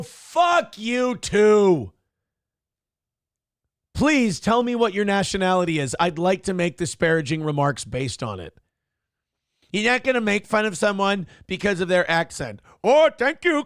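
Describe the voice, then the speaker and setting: A man's voice: high-pitched, very animated, moderate pace, fairly bright tone, dry recording, clean studio sound. A man hosting a morning show, ranting sarcastically and swearing heavily as he comments on a viral video.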